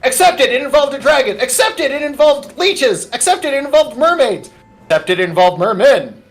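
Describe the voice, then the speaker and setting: A man voicing a rowdy male bettor who yells excitedly from a crowd during a tabletop game. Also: extremely high pitch, soft background music, voice pushed up, full character voice. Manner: yelling, excitable, rapid-fire. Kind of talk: tabletop game role-play.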